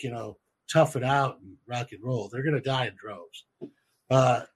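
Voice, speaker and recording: A man in casual podcast chat, swearing freely and rambling through fillers in an animated, husky voice. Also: fairly high pitch.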